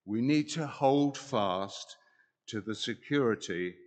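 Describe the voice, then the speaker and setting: A man preaching a sermon in an earnest, measured way, pausing deliberately between phrases. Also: mid-range voice, expressive.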